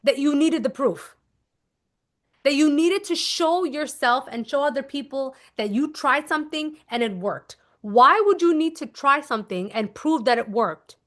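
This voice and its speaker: Emphatic woman coaching, slightly high voice. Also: a little slow. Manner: emphatic, repeats instructions, checks in with "okay?"; animated, acts out little scenes. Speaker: manifestation coach. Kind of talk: casual teaching monologue.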